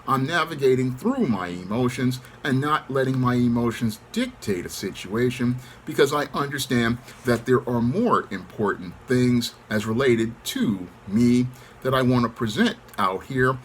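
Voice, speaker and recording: A middle-aged man delivers a steady monologue to camera, holding a calm, controlled manner and circling back to the same phrases. His pitch moves around a fair bit even as he keeps his composure. A faint hiss of background noise sits under the voice. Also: measured pace. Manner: repeats set phrases. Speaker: channel host.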